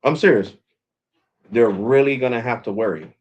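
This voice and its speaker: A man's voice: mid-range voice, normal speed, husky, lo-fi sound. A man talking casually to his viewers about home internet from his house, in a loose, slangy, repetitive way. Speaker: tech vlogger. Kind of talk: casual talk to camera.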